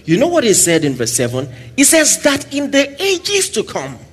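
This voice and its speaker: A man preaching a sermon, swinging between loud exclamations and soft asides and acting out little scenes. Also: extremely high pitch, huge pitch swings, moderate pace, slightly rough. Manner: acts out little scenes with quoted voices and laughter.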